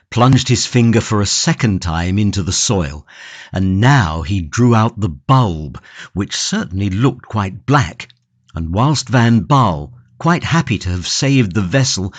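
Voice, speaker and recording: A man narrating a classic novel audiobook in a measured, steady reading from a close studio mic. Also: lowish voice, breathy edge, no echo. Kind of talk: scripted narration.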